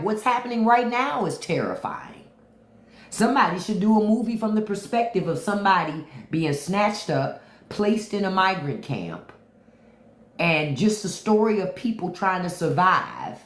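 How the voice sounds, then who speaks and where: A woman hosting a livestream, commenting in an animated, profane, rhetorical way. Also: lowish voice. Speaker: podcast host. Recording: roomy echo.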